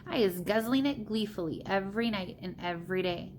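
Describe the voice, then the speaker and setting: A woman's voice: mid-range voice, fairly quick, darkish tone, a little hiss or hum, natural voice. A woman voicing a kindly, clever male giant who pleads earnestly in a raised voice. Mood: coaxing.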